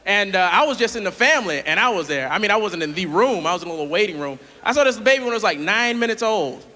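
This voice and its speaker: A man from the southern United States doing a playful, animated stand-up comedy set on a large theater stage. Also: high voice, quick pace. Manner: animated, playful, jumps into character voices. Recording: live theater hall with audience.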